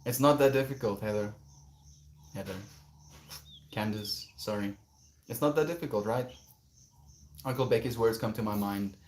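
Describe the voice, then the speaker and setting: A man's voice: fairly low pitch, moderate pace, pauses often, a little mellow, slight background noise. A man on a casual livestream outdoors, reading viewer messages aloud and musing on them in a reflective way. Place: outdoors, quiet spot.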